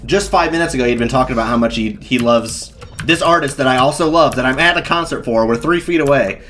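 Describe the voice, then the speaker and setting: Young male podcast co-host, profane rambling storyteller, mid-pitched, faint typing clicks behind. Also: quick pace, a bit bright, slight background noise. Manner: profane, rambling storyteller, mock-ranting in bursts. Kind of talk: casual chat.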